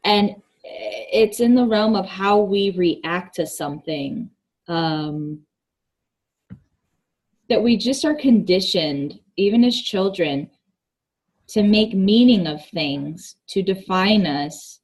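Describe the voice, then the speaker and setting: A woman guest speaking in a relaxed, reflective way during a casual conversation. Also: mid-range voice. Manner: slow, reflective, thoughtful. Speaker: guest, gym worker.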